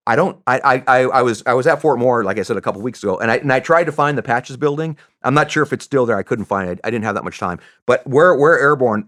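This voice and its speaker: A middle-aged American man, a retired soldier, telling a story as a podcast guest in an animated, rambling way with restarts and swearing. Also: fairly low pitch, no room sound, clean studio sound. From United States. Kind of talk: casual anecdote telling.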